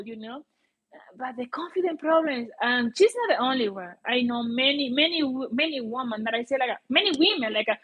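A woman's voice: on the high side, animated, fast, husky, lo-fi sound. A woman with a Colombian accent, a native Spanish speaker, chatting casually on a livestream and often searching for English words. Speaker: vlogger.

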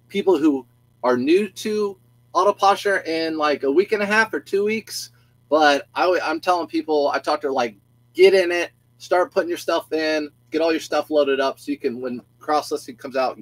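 A man's voice: fairly high pitch, dry recording, rough recording. A middle-aged man, a reseller chatting casually on a live stream, goofy and talkative, greeting viewers by name and stumbling over his own restarts.

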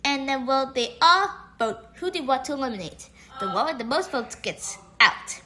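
A woman's voice: high voice, lively intonation, normal speed, pushed and bright, slight background noise. A woman doing a grumpy camp chef. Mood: grumbling. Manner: grudging, annoyed.

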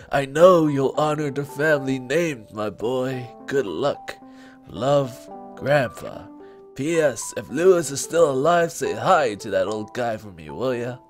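A man putting on the slow voice of a gentle, dying old grandfather. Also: medium pitch, expressive, faint music behind, close to an everyday voice. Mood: tender. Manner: reads very slowly.

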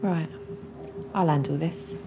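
A woman's voice: deep voice, slow, loud music behind the voice. An actress playing a blunt, scheming young woman in a comedy sketch, curt and bossy.

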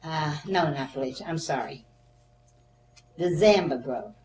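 An older woman being interviewed for an oral history, telling her memories as a lively storyteller who acts out the voices of the people in them and laughs often. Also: low-pitched, measured pace. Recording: echoey room, voice a bit off-mic, faint hum.

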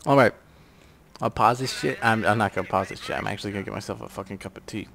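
A man's voice: lowish voice, fast, vocal fry, fairly bright tone, slight background noise. A man giving rambling, sarcastic casual commentary on a strategy game, swearing offhandedly. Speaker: gameplay commentator.

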